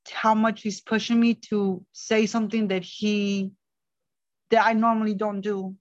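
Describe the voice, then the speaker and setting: A woman's voice: mid-range voice, dry recording. Woman, coaching client, hesitant, rambling, fillers, muffled lo-fi audio. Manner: rambling, hesitant, many "like" and "you know". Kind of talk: personal interview.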